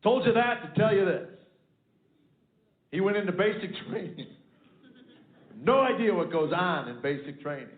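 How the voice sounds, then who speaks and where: High-voiced storytelling male comedian. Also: normal speed, long pauses. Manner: animated, acts out dialogue, wry punchlines. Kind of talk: stand-up storytelling. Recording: echoey, tinny phone-like live recording.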